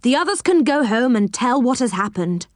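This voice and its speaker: A woman's voice: a little high, sing-song, normal speed, dry recording, clean studio sound, pitched above the performer's own voice. A woman voicing a kindly male character in a storybook, talking in a fussing, friendly way. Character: kindly, cheerful male tree-dweller.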